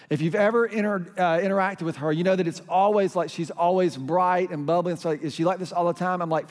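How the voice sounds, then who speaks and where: A middle-aged man, preaching a sermon as pastor and telling stories that lead into crowd call-and-response. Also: a little high. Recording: hall reverb.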